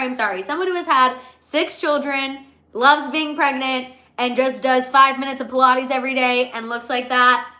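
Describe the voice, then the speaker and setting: A young woman hosting a casual celebrity gossip livestream, animated and gossipy, reading out viewer comments. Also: high voice. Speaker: gossip show host.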